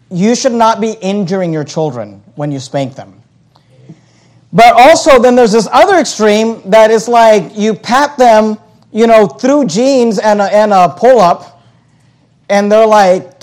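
A man with a notably high voice delivers a sermon, talking to the congregation in a loose, conversational way. He stumbles over his words and repeats himself often as he pushes his points. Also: animated, measured pace, darkish tone. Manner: conversational preaching with frequent stammered restarts. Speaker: pastor.

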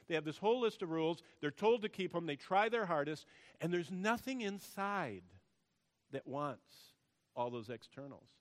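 A man preaching a sermon and telling a story, dropping to a hush and then rising to loud emphasis. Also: high-pitched. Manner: storytelling, swings between hushed and loud emphasis. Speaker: pastor. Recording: long hall reverb.

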